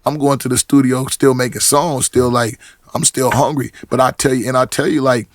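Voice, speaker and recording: A man's voice: medium pitch, steady tone, normal speed, no echo, clean studio sound. A middle-aged man from Portland, a rapper talking as a podcast guest in casual chat, telling stories with many restarts and acted-out quotes. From Portland, Oregon.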